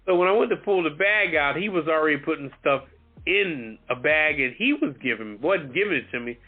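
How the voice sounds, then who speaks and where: A man co-hosting a talk show, telling a story in an animated, emphatic way and swearing freely. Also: fairly high pitch, a little fast. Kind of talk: casual storytelling chat. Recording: phone-like lo-fi audio with faint music.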